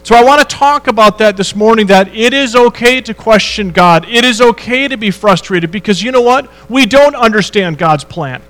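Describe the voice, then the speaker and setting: A man's voice: high voice, normal speed, hardly any pauses, a bit bright, poor audio. A man preaching a sermon in a church, reading scripture and asking the congregation rhetorical questions in a conversational way. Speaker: pastor.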